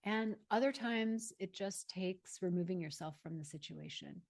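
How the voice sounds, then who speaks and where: Woman coach, fairly low voice, calm guided self-help delivery with slow pauses. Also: creaky.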